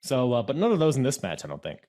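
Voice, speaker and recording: A man's voice: medium pitch, huge pitch swings, fast talker, dark tone. A man co-hosting a podcast in casual chat, rambling and correcting himself as he goes. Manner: rambling, self-correcting, gestures while talking. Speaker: podcast co-host. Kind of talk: casual chat recapping wrestling.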